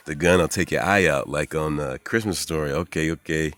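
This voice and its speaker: Very deep-voiced rambling, profane man. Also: normal speed, no echo. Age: 40s. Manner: rambling, profane, animated, jumps into high quoted voices. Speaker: spiritual vlogger. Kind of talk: excited casual monologue.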